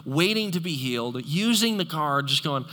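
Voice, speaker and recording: Man, pastor, sermon, higher voice, bright and forceful, conversational asides, long church reverb. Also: normal speed. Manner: animated, conversational, playful asides to the congregation. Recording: long echoey hall reverb.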